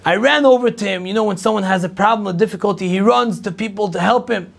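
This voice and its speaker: A man's voice: high voice, quick pace, vocal fry, fairly bright tone. A middle-aged man, a rabbi telling a personal story to an audience and acting out the dialogue, with lots of repetition. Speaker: rabbi lecturer.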